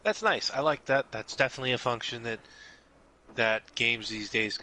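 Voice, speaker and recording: A man's voice: medium pitch, normal speed, pushed and bright, slight background noise, rough recording. A man co-hosting a casual gaming podcast, rambling with frequent fillers and poking fun at himself. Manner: rambling, self-deprecating, laughs easily. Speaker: podcast co-host.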